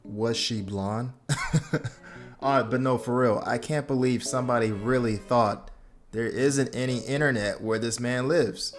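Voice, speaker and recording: A man's voice: mid-range voice, a little slow, soft background music. A man hosting a reaction video, giving casual commentary in a blunt, laid-back way and swearing freely.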